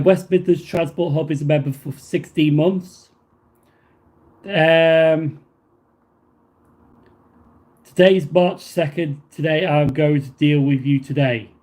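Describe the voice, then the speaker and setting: A slightly high, mellow male voice belongs to a livestream host who reads viewer messages aloud and answers them casually. He rambles, with plenty of fillers and restarts.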